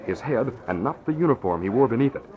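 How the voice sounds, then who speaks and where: A man narrating an old radio drama in a measured, dramatic storytelling manner. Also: medium pitch, animated, a crowd in the background. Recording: dull lo-fi old radio recording with music.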